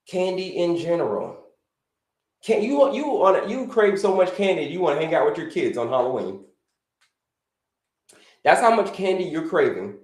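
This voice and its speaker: Talking casually on his live health stream, a man with a fairly high pitch repeats himself, refers to viewers as "folks," and asks them to type their answers in the chat. It's a rough, reverberant recording.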